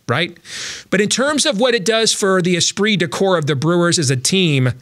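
Bright-sounding guy hosting a sports show, kinda high voice, dry studio mic. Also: no echo. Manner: chatty, many fillers and restarts. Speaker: sports talk show host. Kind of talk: casual sports chat.

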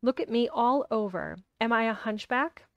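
A woman's voice: fairly high pitch, moderate pace, no echo, dull audio, lightly acted. A woman reading aloud, voicing a proud, commanding young boy who speaks sharply.

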